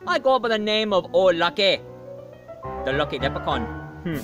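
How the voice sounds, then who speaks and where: A man's voice: sits high, sing-song, moderate pace, over loud music. A man doing a cheeky Irish leprechaun. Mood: boastful. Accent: put-on Irish brogue. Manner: jolly, chummy, drops laddie and aye. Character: cheeky male leprechaun, boastful and flirty. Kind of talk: storytelling character voice.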